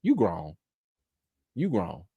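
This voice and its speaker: A man's voice: fairly low pitch, huge pitch swings, slow pace, creaky, warm tone, slightly rough, highs cut off. A man hosting a livestream of entertainment news, with emphatic, scolding commentary. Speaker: livestream host.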